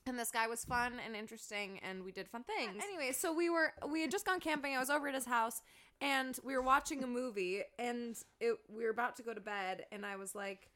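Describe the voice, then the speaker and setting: A woman's voice: a little high, fairly quick. A woman co-hosting a casual podcast, telling a story animatedly and acting out what people said. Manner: animated storyteller, acts out quotes. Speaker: co-host.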